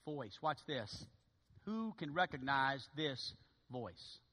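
Male pastor, animated sermon, bright voice, wide swinging pitch. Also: slow pace, long reverb tail. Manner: animated preaching, swinging from loud to hushed. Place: church sanctuary.

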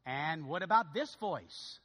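Male pastor, animated sermon, bright voice, wide swinging pitch. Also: a little slow, breathy edge, long reverb tail. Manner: animated preaching, swinging from loud to hushed. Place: church sanctuary.

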